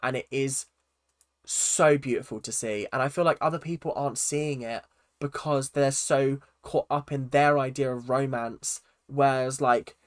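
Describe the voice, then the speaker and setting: A man's voice: mid-range voice, no room sound. Dry-voiced man ranting on a vlog. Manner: animated, exasperated, mocking impressions. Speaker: YouTube reality-TV reviewer.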